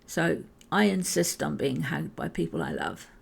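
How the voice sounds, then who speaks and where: A woman hosting her own podcast, talking candidly and haltingly about her life, with frequent restarts, becoming emotional near tears. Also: deep voice, very animated, vocal fry, husky. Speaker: podcast host. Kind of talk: personal podcast monologue.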